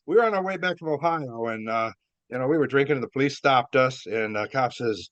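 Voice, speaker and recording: A man's voice: mid-range voice, normal speed, fairly bright tone, no echo. An older man, a former wrestler, telling rambling stories with chuckles, fillers and restarts. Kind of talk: rambling storytelling. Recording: dull dry lo-fi sound.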